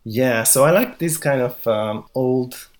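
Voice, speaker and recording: A man's voice: medium pitch, slow. A middle-aged man, a philosopher, talking as a podcast guest with many restarts and hesitations. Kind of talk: podcast interview.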